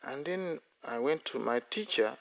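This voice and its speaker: A Buddhist monk teaching at a meditation retreat, his voice gravelly and full of lively rises and falls. He talks in a playful, self-deprecating way, chuckling often as he tells stories from his own practice. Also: medium pitch, unhurried. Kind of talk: dharma talk at a meditation retreat.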